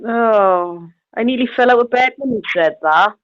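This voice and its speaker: High-voiced giggly woman on a lo-fi stream. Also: normal speed. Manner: giggly, laughing fits. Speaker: livestream co-host. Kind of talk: casual live chat. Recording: lo-fi dull livestream audio.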